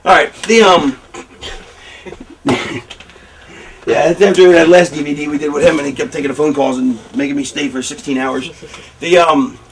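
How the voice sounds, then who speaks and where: A man's voice: fairly high pitch, moderate pace, long pauses, far from the mic, a little hiss or hum. A man, a pro wrestler, telling candid stories in an interview, rambling and swearing freely. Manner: rambling, profane, animated storytelling.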